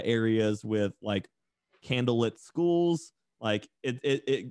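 A young man with a light Southern accent tells stories in a loose, chatty podcast style, with a dry sarcastic edge. His voice sits at an ordinary middle pitch and sounds close and dry, with no room around it. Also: a little mellow, no echo. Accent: mild Southern US. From East Tennessee, USA. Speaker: podcast guest. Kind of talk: casual podcast chat.

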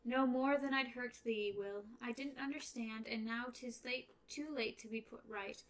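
A woman voicing a young woman torn between love and duty, speaking softly and pleadingly while reading a novel aloud. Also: on the high side, fairly even intonation, normal speed, natural voice.

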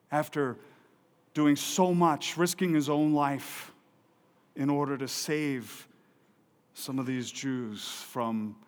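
A man preaching a sermon with passion, swinging from loud, emphatic peaks to low, quiet stretches. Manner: impassioned preaching, rising loud for emphasis and dropping low and soft. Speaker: pastor. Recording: long hall reverb.

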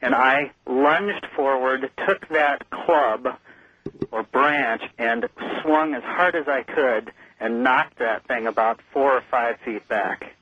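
Calling in to a radio interview as a guest, a man tells his story earnestly and vividly over a muffled telephone line. His medium-pitched voice is slow, pushed and bright, slightly rough, and the recording is dry.

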